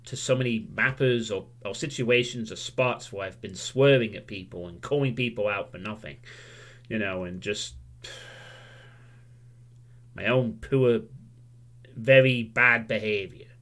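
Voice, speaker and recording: A man's voice: on the low side, a little slow, long pauses, fairly bright tone. Frank, swearing streamer man. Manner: frank, self-critical, swears freely, loses his train of thought. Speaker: livestreamer. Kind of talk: candid livestream monologue.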